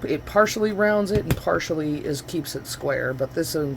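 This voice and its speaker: A woman's voice: low voice, animated, moderate pace, vocal fry, slight background noise. A woman vlogger chatting her way through a crafting demo in her home studio, rambling and correcting herself as she goes, picked up by the camera's own microphone.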